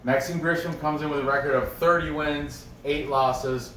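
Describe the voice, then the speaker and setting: A man's voice: a little high, fairly even intonation, normal speed, a bit bright. Chatty man rambling in a roomy space. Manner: chatty, self-correcting, laughs often. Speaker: sports betting picks host. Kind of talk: casual rambling commentary. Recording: roomy, from a distance, faint background noise.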